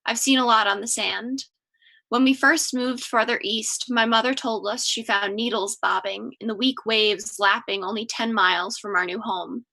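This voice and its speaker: Bright-voiced Long Island woman reading. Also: fairly high pitch, fairly even intonation, gravelly. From Long Island, New York. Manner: measured, lyrical delivery. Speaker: graduate writing student. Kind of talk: reading her own prose aloud.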